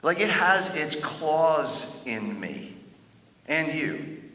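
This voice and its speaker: A man's voice: fairly high pitch, big pitch swings, drawn-out words, sharp tone. A male pastor preaching a sermon in a conversational, storytelling way, often stumbling over and restarting his words. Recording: echoey hall with long reverb.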